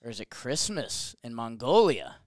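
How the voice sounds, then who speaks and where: A man's voice: mid-range voice, normal speed, dry recording, clean studio sound. A man co-hosting, chatting casually and swearing now and then while playing a geography game. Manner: animated, swears when things go wrong. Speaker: podcast co-host.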